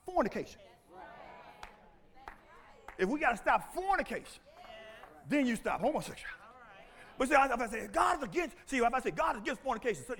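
A man preaching a sermon as pastor, animated and playful, calling out to the congregation and bursting into shouts. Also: very high-pitched. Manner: playful, teasing, laughs often.

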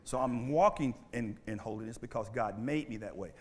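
A male pastor preaching a sermon in church on a mic, animated and full of call-and-response questions. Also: mid-range voice, brisk, big-room sound. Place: church sanctuary. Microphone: handheld or stand mic.

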